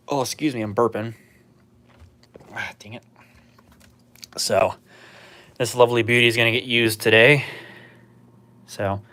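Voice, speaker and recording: A man hosting a casual livestream about computer gear, talking in a rambling, relaxed way with lots of filler words. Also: mid-range voice, clear, resonant tone. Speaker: livestream host.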